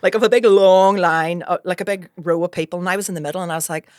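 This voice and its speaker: A Northern Irish woman in her thirties, hosting a podcast and telling comic stories in an animated way, acting out quoted voices. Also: lowish voice, quick pace, no echo, studio quality. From Northern Ireland. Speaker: podcast host. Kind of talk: casual comedic storytelling.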